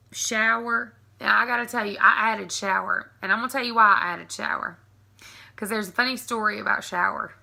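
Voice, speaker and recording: A woman's voice: mid-range voice, gravelly, pushed and bright. A woman with a Southern US accent, casually reading a list of words aloud and stopping to chat about them. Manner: chatty, reads words aloud and stops to explain. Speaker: vlogger.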